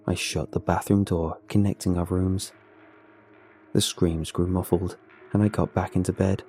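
A man tells a first-person horror story in a deep, dark, mellow voice. His tone is slightly husky, and his delivery is measured and somber. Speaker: narrator. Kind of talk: scripted horror narration.

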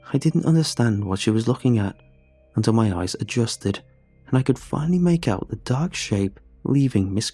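A man reads a scripted horror story in a low, dark and mellow voice. His telling is measured and somber, with faint music playing under the narration.

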